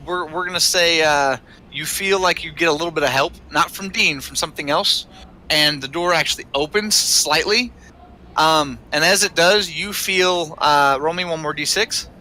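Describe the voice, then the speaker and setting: A man's voice: fairly high pitch, normal speed, sharp tone. A man running a tabletop game as game master, narrating with many hesitations. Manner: hesitant, lots of uh, laughs often.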